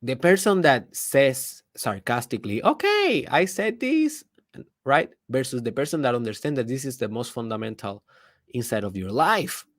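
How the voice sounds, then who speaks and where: A man with a voice of ordinary middle pitch delivers a motivational monologue as a podcast host. He is emphatic, jumping from loud bursts to hushed asides, and keeps asking the listener rhetorical questions. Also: lively intonation, normal speed. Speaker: podcast host, personal development speaker.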